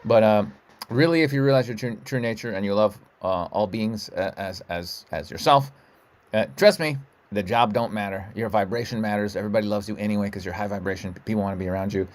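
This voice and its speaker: A middle-aged man hosts a livestream, delivering a rambling spiritual talk in a brisk, fairly low voice. He's loose, profane and emphatic, often saying "you know what I'm saying."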